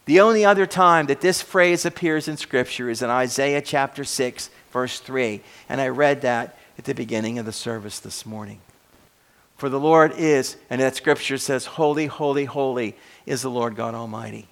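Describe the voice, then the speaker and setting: A male pastor preaching a sermon, building up on repeated words and then dropping to a quiet close, with occasional restarts. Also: mid-range voice, moderate pace. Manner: occasional restarts and self-corrections.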